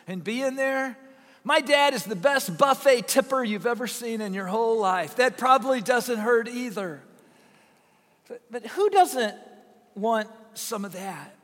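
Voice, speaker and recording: A man's voice: very high-pitched, fairly bright tone, big-room sound. A pastor from Southern Illinois preaching a sermon, telling folksy, humorous stories to his congregation. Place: church sanctuary.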